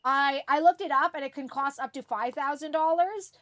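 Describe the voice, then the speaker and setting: Bright, high-voiced chatty woman streamer. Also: moderate pace, dry recording. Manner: chatty, giggly, swears freely, many fillers. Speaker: game streamer. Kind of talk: casual live-stream chat.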